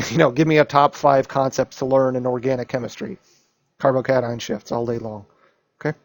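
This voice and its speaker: A man's voice: medium pitch, dry recording. A man teaching chemistry, going over an exam and driving points home by repeating them and checking in with "okay?" and "right?". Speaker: chemistry instructor. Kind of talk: lecture reviewing an exam.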